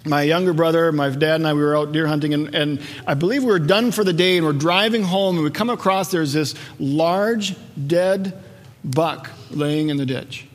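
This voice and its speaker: In a large hall with a long, lingering echo, a pastor delivers a sermon at a moderate pace in a slightly high voice. He tells stories with lively energy, voicing the people in them himself.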